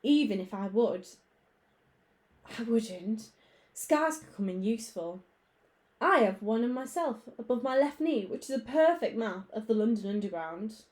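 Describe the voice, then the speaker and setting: A woman voicing a wise old male wizard who speaks calmly and evenly. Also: on the high side, measured pace. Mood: matter-of-fact.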